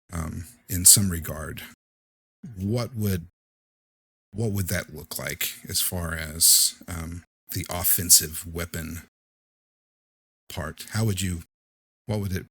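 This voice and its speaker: A man narrating as game master of a tabletop horror game, halting and relaxed with many fillers. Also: sits low, slightly rough.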